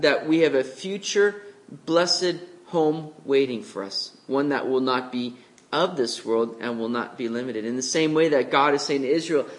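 A man preaching a conversational sermon, who acts out the voices of the people with big jumps in pitch. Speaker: pastor. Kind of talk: expository sermon.

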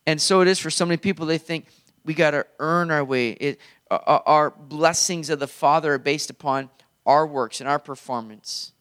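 A man's voice: on the high side, normal speed, a bit bright. A male pastor preaching a sermon in an earnest, conversational way.

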